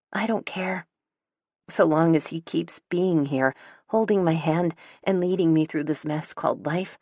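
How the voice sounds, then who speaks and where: Woman audiobook narrator, low voice, wry expressive first-person read, dry studio sound. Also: dry recording.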